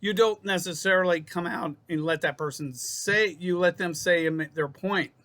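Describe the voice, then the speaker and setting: Bright-voiced man giving self-help advice. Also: sits high, moderate pace. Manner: rambling, repeats and restarts phrases, addresses viewers as folks. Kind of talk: casual self-help talk to camera.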